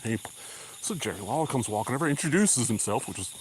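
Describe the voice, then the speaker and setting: A man's voice: mid-range voice, lively intonation, quick pace, noisy background. A man with a Southern accent, rambling casually while walking, a little out of breath. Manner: rambling, casual, drawling asides. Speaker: vlogger. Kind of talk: rambling live-stream chat while walking. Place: country road outdoors. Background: crickets and insects.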